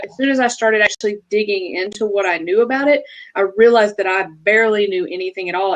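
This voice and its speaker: A woman's voice: mid-range voice, poor audio. Southern woman chatting on a video call. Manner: chatty, talks at length with small restarts. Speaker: guest, feng shui practitioner. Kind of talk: casual interview chat.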